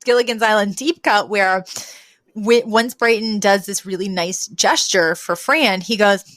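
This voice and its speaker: A chatty woman co-host recaps a sitcom episode with lively retelling and bursts of laughter. Her voice sits at a middling pitch. The mic sound is close and dry, with no room echo. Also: measured pace. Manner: lively storyteller who acts out quotes and laughs often. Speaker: podcast co-host. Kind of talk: casual recap chat.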